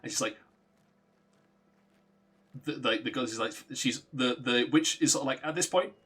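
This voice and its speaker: A man casually recounting a tabletop game session, animated, swearing freely and laughing often. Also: medium pitch, normal speed, breathy edge. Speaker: streamer recounting a tabletop campaign. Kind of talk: casual storytelling.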